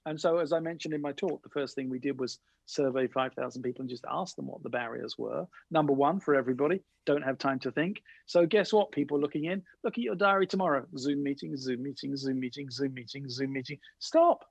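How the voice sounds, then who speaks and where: Gravelly, husky-voiced storytelling man. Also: a little high, quick pace, few pauses, no echo, rough recording. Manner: lively anecdotes, acting out quoted voices. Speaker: guest innovation speaker. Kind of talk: animated storytelling interview.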